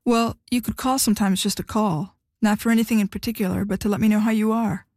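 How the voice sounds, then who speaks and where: A woman's voice: medium pitch, fairly even intonation, fast, darkish tone, dry recording, close to an everyday voice. Whiny pouting husband, pleading and tearful, dry close sound, a woman reading him. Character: pleading, pouting adult husband who cries.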